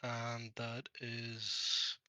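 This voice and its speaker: A man playing a tabletop game, calling out his dice rolls with a bright, forceful tone. He speaks very slowly, drawing things out with ums, close to a dry mic. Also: mid-range voice, monotone, no echo, rough recording. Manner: slow, drawn out with ums. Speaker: player. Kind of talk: casual play at a tabletop game.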